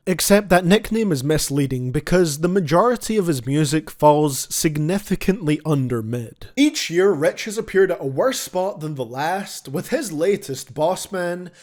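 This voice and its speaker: A young man reads out a scripted album review with a blunt, sarcastic edge. His voice sits a bit high and swings widely in pitch, giving the delivery a lively, animated bounce. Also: unhurried. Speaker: music reviewer.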